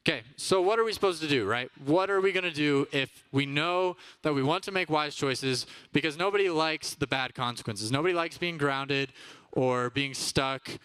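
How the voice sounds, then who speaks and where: A man's voice: a little high, normal speed, a bit bright, clear, resonant tone. Upbeat young man preaching to kids. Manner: upbeat, asks the kids questions constantly. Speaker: kids' ministry teacher. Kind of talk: youth sermon to children. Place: church kids' room with a live audience.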